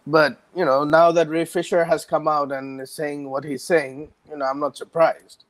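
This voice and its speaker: Podcast guy, lots of "you know", slightly high voice, dry mic. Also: level tone, normal speed, no echo. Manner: filler-heavy, hesitant. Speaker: podcast co-host. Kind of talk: casual chat.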